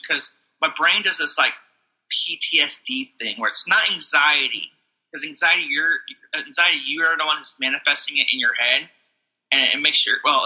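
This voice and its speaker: A young man in a casual, profane, rambling rant, animated as he retells his run-ins. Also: a little high, poor audio. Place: Los Angeles.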